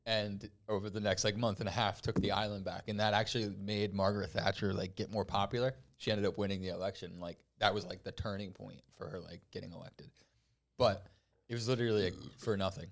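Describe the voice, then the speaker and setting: Casting: man, lower voice, loose rambling podcast storyteller, swears casually. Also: level tone, fairly quick, creaky. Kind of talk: casual chat.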